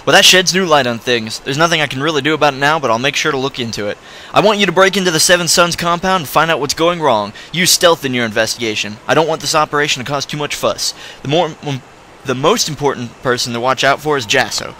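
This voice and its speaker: A man reading out the lines of a grave male city guard officer in a fantasy game, in a plain, even voice. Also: fairly high pitch, fast talker, slight background noise. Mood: earnest.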